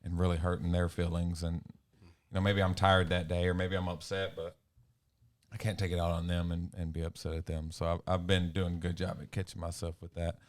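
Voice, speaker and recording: A man's voice: low-pitched, level tone, a little fast. A man co-hosting a casual podcast chat, easygoing and full of fillers, acting out quoted dialogue. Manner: easygoing, filler-heavy, acts out quoted talk. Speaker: podcast co-host, youth leader.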